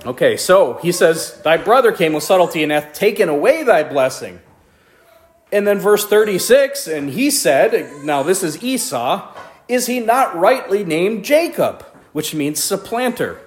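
A man's voice: high-pitched, big pitch swings, a little slow. A man leading a casual verse-by-verse Bible study, reading scripture aloud and commenting with playful asides. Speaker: Bible teacher.

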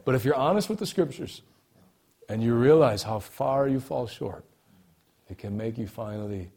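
A man with a lowish, breathy voice preaches a sermon that swings between hushed, quiet passages and loud, emphatic bursts. He repeats key phrases to drive his points home.

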